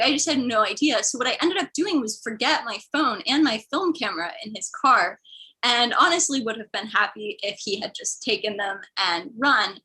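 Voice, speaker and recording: A woman's voice: on the high side, moderate pace, bright, forceful tone, low-quality recording. A young woman from the American Midwest telling a rambling, self-deprecating stand-up story. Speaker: comedian.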